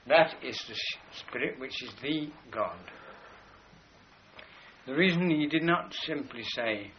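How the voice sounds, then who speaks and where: A man's voice: medium pitch, lively intonation, slow pace. A man giving a rambling philosophical lecture, pointing to drawings as he explains. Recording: dull lo-fi recording with faint hiss.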